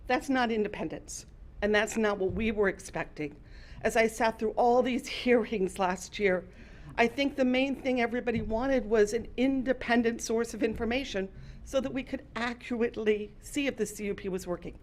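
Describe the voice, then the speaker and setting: A woman's voice: a little high, moderate pace. A woman resident speaking at a city planning meeting, earnest and emotional. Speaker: resident giving public comment. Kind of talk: public comment at a city meeting.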